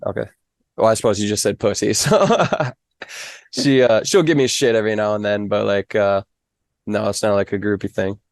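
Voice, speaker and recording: A man's voice: fairly low pitch, fairly even intonation, moderate pace, dry recording. A young man from the Fargo area, a weather reporter and guest, talking in a modest, easygoing way full of "like". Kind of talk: casual interview.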